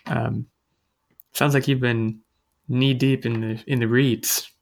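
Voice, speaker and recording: A man's voice: medium pitch, little pitch movement, slow, creaky. A man hosting a casual podcast chat, chatty and self-mocking, thinking aloud with frequent restarts. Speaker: podcast host.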